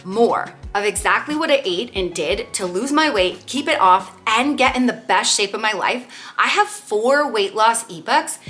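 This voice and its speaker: A chatty, enthusiastic woman in her thirties talks through her food in a casual vlog. Her voice is bright and clear. Soft music plays faintly underneath. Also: mid-range voice. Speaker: vlog host.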